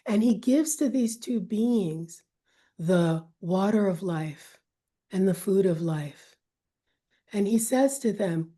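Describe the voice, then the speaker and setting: Woman storyteller, slow and warm-toned, measured and dramatic, drops to whispers. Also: medium pitch. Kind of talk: oral myth storytelling.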